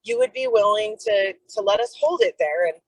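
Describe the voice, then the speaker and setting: A woman's voice: mid-range voice, moderate pace, no echo, low-quality recording. A middle-aged woman on a video call, casually telling a personal story, acting out the dialogue and saying "like" a lot. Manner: animated storyteller who acts out quoted dialogue; fillers like "like". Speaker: program member sharing a story.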